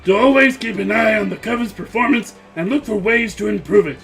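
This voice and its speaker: A man's voice: sits high, creaky, a bit bright, faint music behind. A man voicing a bossy, self-assured young female witch with a military background, reading a visual novel aloud on stream. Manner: brisk, self-assured, pushy.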